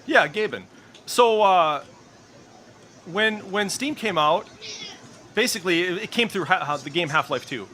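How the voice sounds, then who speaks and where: Profane ranting middle-aged man, lively. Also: sits high, unhurried, pauses often, slight background noise. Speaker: streamer. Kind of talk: casual voice chat.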